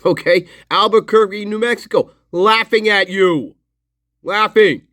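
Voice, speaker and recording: A man's voice: high voice, a little slow, fairly bright tone, dry recording. Give me a sarcastic man angrily ranting over a clip, close and dry. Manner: mocking, profane, sarcastic. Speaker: commentator reacting to interview footage. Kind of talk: angry ranting commentary.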